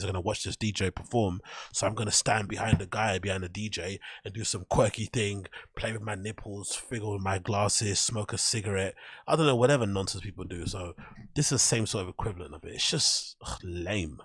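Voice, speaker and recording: Blunt husky male host. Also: fairly low pitch, dry recording, studio quality. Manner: blunt, dismissive, says "cringe" a lot. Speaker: host reacting to clips. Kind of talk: casual commentary.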